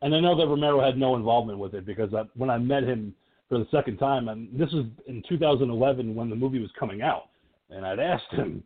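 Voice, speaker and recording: Man, mid-pitched voice, hesitant, casual movie talk, tinny phone line. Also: quick pace, breathy edge. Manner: hesitant, searching for words. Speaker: podcast co-host. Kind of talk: casual film discussion.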